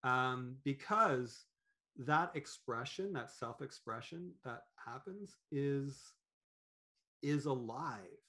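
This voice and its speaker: A man talking as a podcast guest in an animated, rambling way, with many fillers and restarts. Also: mid-range voice, slow. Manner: animated, acts out quoted thoughts in voices. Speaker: podcast guest, business owner. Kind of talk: conversational interview.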